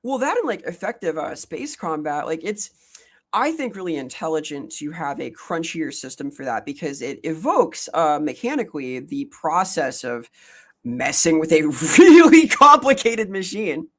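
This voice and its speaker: Podcast co-host, mid pitch, articulate, wordy, playful. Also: sing-song, normal speed. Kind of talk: casual chat.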